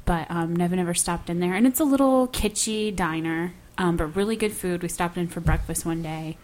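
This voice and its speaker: A woman co-hosting a podcast in casual chat, chatty and bubbly with quick laughs. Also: fairly low pitch, a little mellow. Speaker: podcast co-host. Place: home in Nashville.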